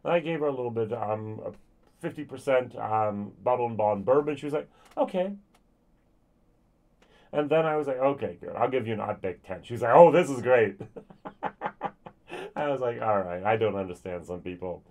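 A man's voice: fairly low pitch, quick pace, vocal fry, narrow, tinny audio. A man giving a casual spoken whisky tasting review, chatty and thinking aloud with frequent ums and restarts. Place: lives in Germany.

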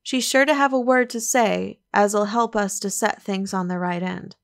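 A woman voicing a gentle, grave aging male weaver with mild, fatherly rustic speech in an audiobook reading. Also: mid-range voice, moderate pace, creaky, lightly acted. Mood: fond, grave.

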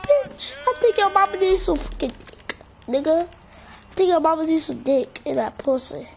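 A woman's voice: very high-pitched, expressive, normal speed, gravelly. A woman, trash-talking and swearing playfully while commenting on her gameplay. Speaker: gamer. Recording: dull lo-fi mic with faint background noise.

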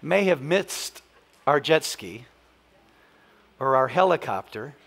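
A man pastor preaching a sermon in a church, telling a story with animated voices and leading the congregation in call-and-response. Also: mid-range voice, slow, creaky, big-room sound. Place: church sanctuary.

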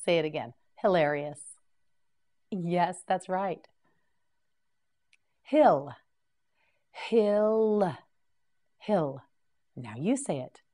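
A woman teaching English vocabulary in a scripted drill, repeating each word slowly and prompting the listener to say it again. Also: lowish voice, darkish tone. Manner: slow, clear repetition with prompts to repeat.

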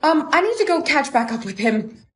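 A young woman plays her part in a comedy skit with earnest energy. Her voice sits high and swings widely in pitch. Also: very animated, moderate pace, echoey room.

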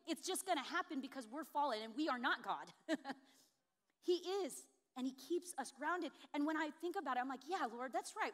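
A woman pastor preaching with a notably high voice. Her delivery is expressive, and it rises to emphatic, ringing peaks. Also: moderate pace. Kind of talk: sermon.

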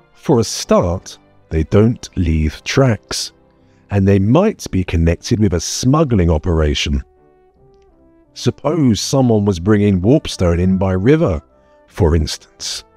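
Felix: man reading sarcastic young adventurer, lively delivery, dry recording. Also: lowish voice, no room sound, voice pushed up, heavily acted. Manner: articulate, sarcastic. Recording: dry close mic, faint music bed.

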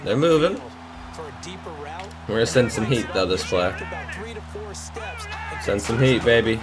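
A young man giving live, excitable commentary on his own football video game, swearing and shouting at the plays. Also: fairly low pitch, a little slow, long pauses, music in the background. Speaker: gaming YouTuber.

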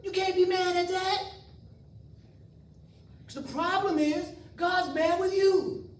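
In a church sanctuary, a man with a very high, steady voice preaches slowly to his congregation in a folksy manner, tossing joking asides to the crowd. The room is echoey and he sounds distant from the microphone.

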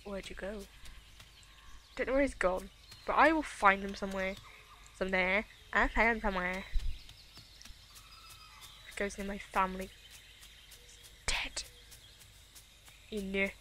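A woman giving chatty, excitable, giggly commentary while she plays a video game. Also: medium pitch, normal speed, long pauses, slight background noise. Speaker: gaming channel host. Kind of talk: let's play commentary.

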